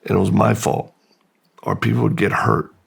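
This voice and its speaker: Gravelly husky man, unhurried storytelling, low voice, interview guest. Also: flat delivery. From United States. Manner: slow, reflective storytelling with pauses and restarts. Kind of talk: candid life-story interview.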